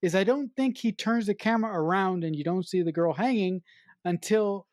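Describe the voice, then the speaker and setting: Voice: mid-range voice, normal speed, darkish tone, no room sound, clean studio sound. Podcast co-host eagerly praising directing choices. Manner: enthusiastic, analytical praise of directing choices, emphatic. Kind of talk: casual film review chat.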